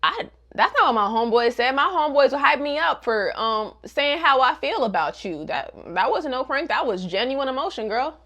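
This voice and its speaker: A woman plays an easygoing teenage boy who talks in casual slang. The voice is bright and lively. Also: high-pitched, moderate pace, heavily acted. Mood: earnest. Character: laid-back teenage boy, sincere and easygoing.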